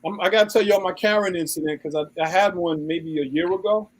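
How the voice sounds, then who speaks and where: A man's voice: high voice, quick pace, low-quality recording. A man, telling a story in casual chat and acting out the people in it. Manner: animated, acts out quoted voices. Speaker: podcast co-host.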